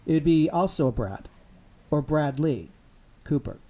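A man's voice: on the high side, animated, measured pace, warm tone. A man guesting on a casual comedy podcast, rambling and profane, often laughing through his rants.

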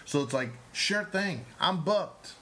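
A man's voice: fairly high pitch, expressive, slow pace, pushed and bright, poor audio. A man, an actor and comedian, telling a long story in casual chat, acting out the quotes and swearing freely.

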